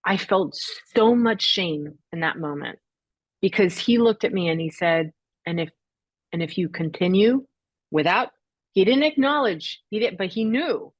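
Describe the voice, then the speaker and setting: A woman's voice: medium pitch, lively intonation, breathy edge, dry recording. Reflective woman, dry close sound. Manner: reflective, halting, tearful at moments. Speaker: podcast guest. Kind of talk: emotional personal storytelling.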